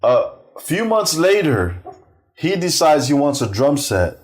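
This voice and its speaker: A middle-aged male comedian telling profane, animated family stories, acting out the voices of the people in them. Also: on the high side, slow. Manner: animated, acts out quoted voices, swears freely. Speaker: stand-up comedian, guest. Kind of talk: profane anecdotal storytelling.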